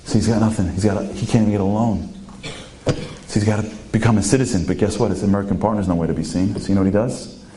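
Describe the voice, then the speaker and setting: A man telling an inspirational story in an animated way, his pitch leaping up for emphasis, with many rhetorical questions to the audience. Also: fast talker, slight background noise. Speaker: inspirational speaker.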